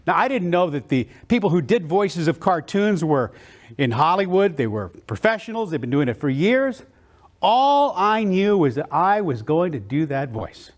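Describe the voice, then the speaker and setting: A man's voice: a little high, sing-song, normal speed. A man from South Texas giving a motivational keynote, telling his story with enthusiasm.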